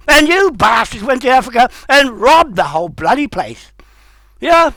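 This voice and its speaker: A man delivering a heated, confrontational rant, swearing and breaking into shouts. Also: very high voice, sing-song, normal speed, no echo, poor audio. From New Zealand. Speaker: vlogger. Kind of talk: angry ranting monologue.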